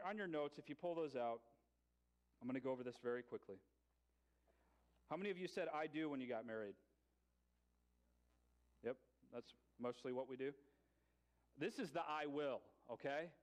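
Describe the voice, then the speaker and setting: A male pastor preaching a sermon in a conversational way, with light humor and pauses. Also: mid-range voice.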